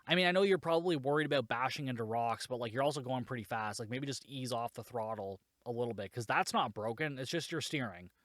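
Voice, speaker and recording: A man in the middle range of pitch recapping a film on his podcast, loose and chatty with constant fillers. He is sarcastic and profane, and the recording is close and dry with no room sound. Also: quick pace, hardly any pauses, a bit bright, no room sound. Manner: frequent filler "like". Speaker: podcast host. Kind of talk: casual movie recap and review.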